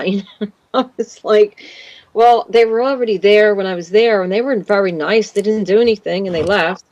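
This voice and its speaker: A woman's voice: medium pitch, steady tone, normal speed, darkish tone, no echo, highs cut off. A woman guest telling a long personal story in an interview, rambling with fillers and restarts.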